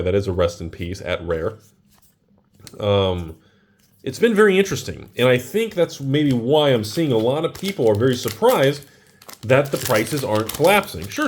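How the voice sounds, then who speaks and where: An American card shop owner who vlogs about investing rambles excitably while opening packs, his fairly low voice sprinkled with "like" and "dude." It's a casual vlog chat.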